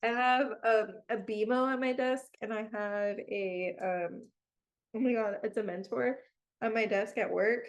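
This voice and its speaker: A woman co-hosting a podcast in casual chat, gushing and excitable, often breaking into laughter. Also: fairly high pitch, measured pace. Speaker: podcast co-host.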